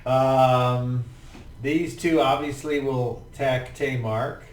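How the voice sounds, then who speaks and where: A man's voice: medium pitch, steady tone, takes it slowly. A man running a tabletop game as game master, narrating attacks in a laid-back, profane, vivid way. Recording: roomy, distant mic with faint ambience.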